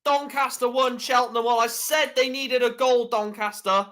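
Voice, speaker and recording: A man's voice: very high voice, fairly even intonation, moderate pace, bright, forceful tone. A man hosting a live stream, giving chatty fan commentary on a football match and swearing freely.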